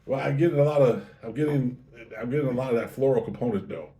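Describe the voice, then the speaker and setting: Casual male host for a tasting review, warm low-key delivery, chatty and unhurried. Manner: chatty, easygoing, self-correcting.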